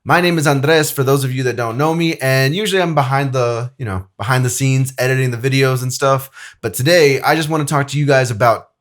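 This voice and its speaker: A man's voice: mid-range voice, fairly quick, few pauses. Young guy talking about the bible, super casual, says like a lot, reads verses out. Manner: loose and chatty, many "like"s, acts out quotes. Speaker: video editor presenting a Bible lesson. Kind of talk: casual Bible talk and scripture reading.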